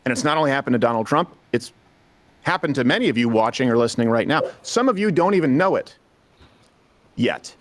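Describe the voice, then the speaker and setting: A man's voice: mid-range voice, expressive, fairly quick, a little hiss or hum. A man hosting a political commentary show, speaking emphatically in scripted narration and putting rhetorical questions to his audience.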